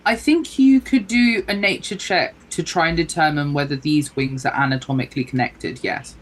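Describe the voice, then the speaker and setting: A woman running a tabletop game as game master, giving measured, descriptive narration with thinking pauses. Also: deep voice, rough recording.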